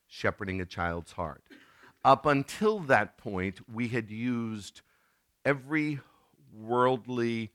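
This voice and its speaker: A middle-aged man preaching a sermon in a conversational tone, now and then acting out scenes in sudden loud bursts. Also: on the low side. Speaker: pastor.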